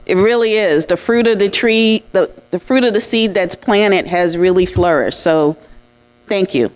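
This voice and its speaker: A woman's voice: medium pitch, a little slow, low-quality recording. A woman telling lighthearted anecdotes to an audience at an awards dinner, laughing and slipping into quoted asides. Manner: warm-hearted storytelling with laughs and lively quoted asides.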